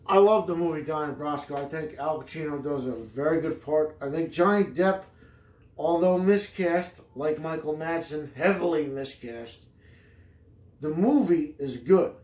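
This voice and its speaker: His voice sits on the high side, a bit mellow and a bit slow, in a roomy-sounding recording. He's a podcast host improvising a rambling comedy monologue, cursing freely and chasing one tangent after another.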